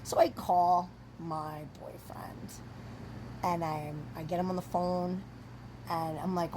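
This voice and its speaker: A young woman telling a rambling, swear-filled storytime in a casual, animated way. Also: lowish voice, normal speed, a little hiss or hum. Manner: chatty and rambling, swears freely, animated retelling. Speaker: storyteller vlogger.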